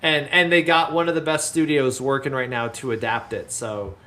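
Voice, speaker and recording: A man co-hosting an anime review in casual talk, hesitant and stammering as he softens his criticism. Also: medium pitch, steady tone, normal speed. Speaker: co-host of an anime review show. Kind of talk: casual reaction discussion.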